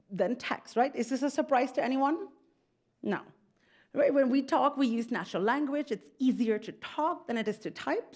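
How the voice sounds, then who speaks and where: A woman speaking at a conference, presenting in a lively, chatty way and joking with the audience. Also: fairly high pitch. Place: conference room.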